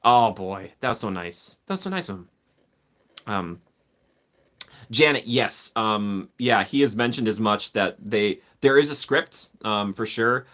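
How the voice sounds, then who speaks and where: A man's voice: on the low side, lively intonation, a little slow, fairly bright tone. A man hosting a live stream, chatting casually and enthusiastically, answering viewers by name and laughing often.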